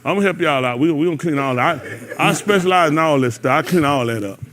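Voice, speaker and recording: Teaching a Bible class for a congregation, a man jokes and laughs with the group in between reading scripture. He talks fast, with a fairly high pitch and a fairly bright tone, keeping things casual.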